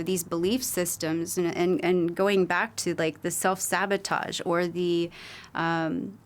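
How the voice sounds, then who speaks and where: A woman wellness coach telling client stories on a podcast, earnest and rambling with many fillers. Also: lowish voice. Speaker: holistic wellness coach, guest. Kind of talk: casual podcast conversation.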